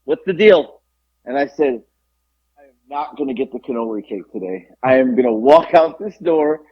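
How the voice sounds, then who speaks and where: A husky-voiced man tells a story on a casual podcast, acting out every part of the exchange. His pitch jumps around a lot as he plays each character. The sound is dry and a little dull. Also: normal speed, no room sound. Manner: animated storyteller acting out both sides of a conversation. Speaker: podcast co-host.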